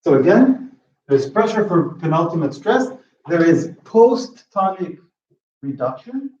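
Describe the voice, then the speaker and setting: Halting lecturer man, roomy distant sound. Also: high-pitched, big pitch swings, a little mellow. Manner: halting, restarts, checks with "okay?". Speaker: linguistics lecturer. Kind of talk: academic talk with questions. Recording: roomy lo-fi hall recording from afar.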